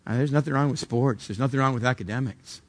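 A man preaching a sermon in a conversational manner. His middle-pitched voice leans into each point and turns often to direct questions for his listeners. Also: fast. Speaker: pastor.

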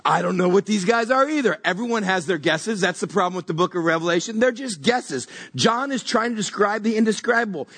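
A pastor giving a conversational sermon, animated and stumbling over repeated words as he reaches for images. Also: high-pitched, a little fast, few pauses, husky.

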